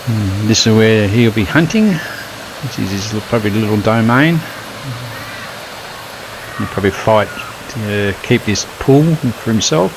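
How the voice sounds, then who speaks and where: A man giving relaxed, low-key commentary to the camera as he walks a garden trail beside a stream. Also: measured pace, long pauses. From Australia. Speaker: vlogger. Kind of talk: casual walking commentary. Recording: outdoor noise, running stream behind.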